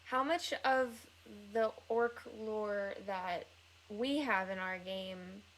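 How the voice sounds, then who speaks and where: A woman co-hosts a casual chat, asking curious questions. She speaks very slowly at a middling pitch. A faint background noise is audible. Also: a bit bright, low-quality recording. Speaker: podcast co-host.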